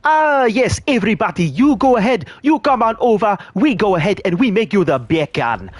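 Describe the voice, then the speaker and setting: A man putting on a loud Jamaican-accented vendor. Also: high voice, sing-song, moderate pace, no room sound, pitched above the performer's own voice. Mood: hawking. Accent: put-on Jamaican. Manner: loud, sing-song, salesman patter. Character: loud cheerful male island vendor hawking goods.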